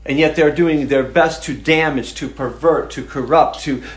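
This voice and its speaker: A man preaching a sermon, reading scripture aloud and talking it through casually, moving from emphatic stress to quiet asides. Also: fairly high pitch, normal speed. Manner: conversational, emphatic, shifts between loud and hushed.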